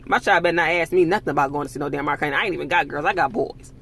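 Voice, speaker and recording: Brief: heated man vlogger, raspy and gravelly, slightly high voice, cursing rant. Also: racing, bright, forceful tone, a little hiss or hum. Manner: angry, profane, emphatic ranting. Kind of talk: heated commentary monologue.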